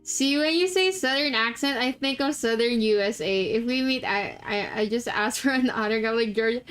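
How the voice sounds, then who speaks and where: A woman's voice: fairly high pitch, moderate pace, a bit bright, clear, resonant tone, soft background music. A young woman from the Philippines streaming live, chatting casually and laughing often while setting up a game. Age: young adult. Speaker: VTuber streamer.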